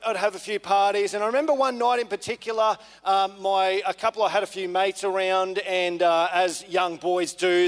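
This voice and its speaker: A pastor preaches in a relaxed, chatty way, full of ums and restarts. His voice sits high for a man. It rings out with the long reverb of a church hall. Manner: relaxed, conversational, many fillers. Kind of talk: sermon with personal story.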